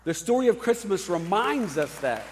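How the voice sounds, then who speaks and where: A man in his thirties, a pastor, preaching a sermon in a conversational, animated way with casual asides. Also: high-pitched, normal speed, big-room sound, a faint crowd, a little hiss or hum.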